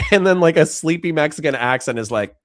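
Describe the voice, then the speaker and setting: Animated man hosting a reaction show. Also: a little high, a little fast, no echo, studio quality. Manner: animated, profane and laughing. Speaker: host. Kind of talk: casual reaction commentary.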